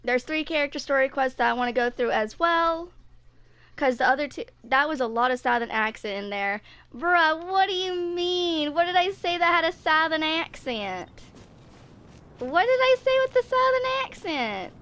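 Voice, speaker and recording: A woman's voice: high voice, animated, normal speed, fairly bright tone. A woman in her twenties chatting casually with viewers while streaming a game, full of fillers like "like" and "dude.". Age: 20s. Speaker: gaming streamer. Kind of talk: casual live-stream chat.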